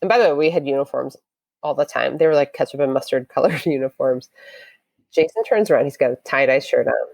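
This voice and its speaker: A woman with a notably low voice, recorded close and dry, tells a casual interview story. She is a lively storyteller who acts out the lines of the people in it. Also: fast, vocal fry, no echo. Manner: lively storyteller acting out quotes. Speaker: podcast guest.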